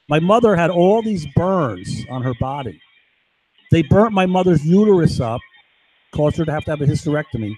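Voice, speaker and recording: A man's voice: on the high side, a little mellow, husky, low-quality recording. A man delivering an agitated, rambling monologue to his camera, constantly asking "right?". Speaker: vlogger.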